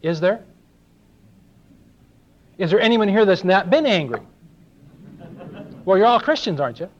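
Older preacher from LA, slightly high voice, chatty and questioning, lo-fi tape. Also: male voice, animated, unhurried. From Los Angeles. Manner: conversational, asks the congregation questions, acts out little dialogues. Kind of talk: sermon. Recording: dull lo-fi sermon recording.

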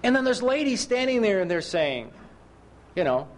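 A man's voice: high-pitched, very animated, normal speed, a little hiss or hum. A middle-aged man preaching a sermon, telling personal stories with self-mocking humor and asking his listeners rhetorical questions.

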